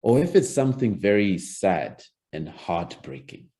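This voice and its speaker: A man's voice: lowish voice, big pitch swings, unhurried, mellow. A man teaching presentation skills as a public speaking coach, demonstrating by shifting his tone and pace. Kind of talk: recorded presentation lesson.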